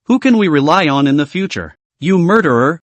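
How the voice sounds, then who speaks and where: A bitter, resentful woman survivor, snarling accusations, as a male narrator reads her. The voice sits fairly high and rises and falls with animation, recorded dry and close. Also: lively intonation, brisk, no room sound, natural voice. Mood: accusing.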